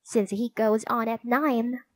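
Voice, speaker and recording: A woman's voice: on the high side, steady tone, slow pace, no room sound. A woman voicing an eager, cheerful young girl magician. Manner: bright and eager.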